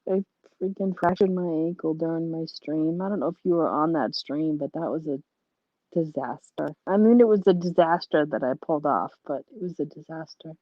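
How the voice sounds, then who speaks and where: A tired woman, an adult with a child, chats casually as a livestream guest, rambling and laughing often. Her low voice is brisk and worn from lack of sleep, recorded with no room sound and the highs cut off.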